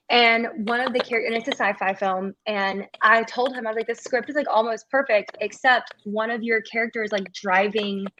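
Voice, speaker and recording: A woman's voice: medium pitch, dull audio, slight background noise. A woman chatting casually on a podcast, telling stories animatedly and acting out quotes. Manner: animated storyteller, acts out quotes with laughter. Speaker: podcast guest co-host. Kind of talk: casual chat.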